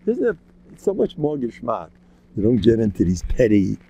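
A man giving an informal, joking religious talk, animated and acting out quotes in sudden high voices. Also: normal speed, highs cut off. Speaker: religious lecturer. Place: local community gathering.

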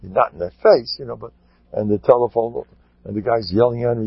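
A man, a rabbi, giving a lively storytelling Torah talk, acting out quotes and sprinkling in Yiddish and Hebrew words. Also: mid-range voice, fairly quick, creaky, breathy edge, no echo. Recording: dull lo-fi recording.

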